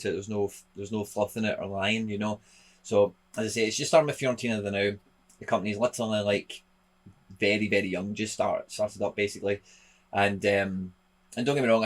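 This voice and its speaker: A man with a Scottish accent, chatting casually to viewers as a video host, rambling with lots of fillers and restarts. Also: on the low side. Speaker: YouTube host. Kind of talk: casual vlog talk.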